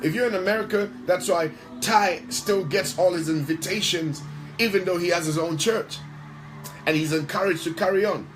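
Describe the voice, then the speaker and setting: A man's voice: sits high, normal speed, faint music behind, rough recording. A man who is a worship leader and pastor, answering in an interview with emphatic, preacher-like talk and repeating phrases for stress.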